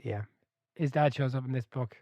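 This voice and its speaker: A man hosting a book club podcast, chatting casually and telling stories with animated energy, laughing and swearing freely. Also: mid-range voice, normal speed, dry recording, dull audio.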